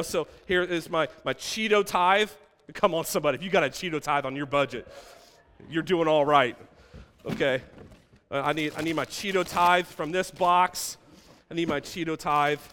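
Male pastor, fairly high voice, playful preaching, church hall reverb. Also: sharp tone, smooth. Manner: playful, asks the congregation questions. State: out of breath. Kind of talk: sermon with props. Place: church stage.

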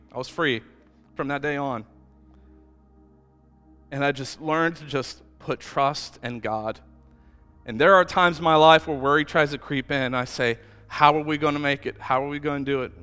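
A man's voice: medium pitch, a bit bright, clean tone, long reverb tail. A man preaching a sermon as pastor, telling a personal story earnestly and getting emotional at times, rising to emphatic peaks. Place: church hall.

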